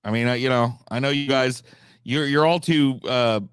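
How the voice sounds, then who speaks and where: A man's voice: medium pitch, normal speed, a bit bright, clear, resonant tone, no echo, studio quality. A man from the United States chatting casually on a live stream, blunt and rambling, with frequent swearing.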